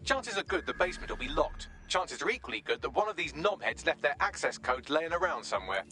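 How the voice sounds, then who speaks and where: A snarky AI sidekick. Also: male voice, fairly high pitch, big pitch swings, bright, forceful tone. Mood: wry. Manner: sardonic, quick quips. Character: snarky male AI assistant, dry and witty.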